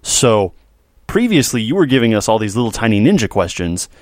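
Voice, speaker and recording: A man co-hosting a casual podcast. He is playful and tells jokey stories with lively asides. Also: on the low side, a little fast, no room sound, clean studio sound. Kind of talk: casual chat.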